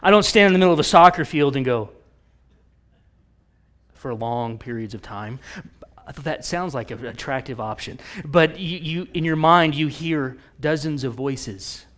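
A man in his forties preaching in a conversational, animated way, telling stories with frequent restarts. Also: fairly high pitch, normal speed. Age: 40s.

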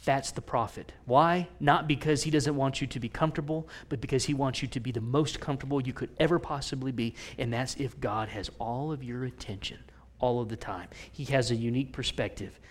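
A man preaching a sermon, telling stories with humor and dropping into hushed whispers for emphasis. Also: mid-range voice. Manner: animated, swings from loud to hushed whispers; conversational storytelling with humor. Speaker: pastor.

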